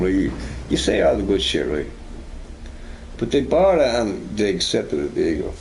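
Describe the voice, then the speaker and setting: A man's voice: on the low side, lively intonation, a little slow, darkish tone, a little hiss or hum. A man streaming a game, chatting casually with viewers in a rambling, profane, joking way.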